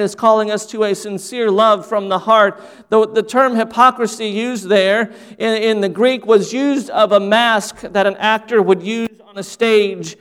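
A man's voice: high voice, fairly bright tone, clear, resonant tone. A male pastor preaching a sermon earnestly, repeating phrases for emphasis, in a church. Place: church sanctuary. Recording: long hall reverb.

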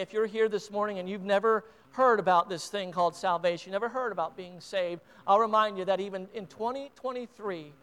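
A man's voice: high voice, a bit bright, smooth. A man preaching a sermon in a church, fervently rising and falling in volume. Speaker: pastor. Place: church sanctuary. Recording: long church reverb.

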